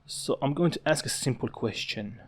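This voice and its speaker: A man's voice: mid-range voice, moderate pace, lightly acted. A man voicing a furious teenage boy with a demonic fox spirit, growling and menacing. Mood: growling menace.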